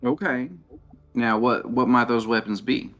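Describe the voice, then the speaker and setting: A man's voice: medium pitch, steady tone, a little slow, fairly bright tone. A man playing a tabletop game, answering hesitantly with stumbles and fillers. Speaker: player. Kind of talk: in-character tabletop play.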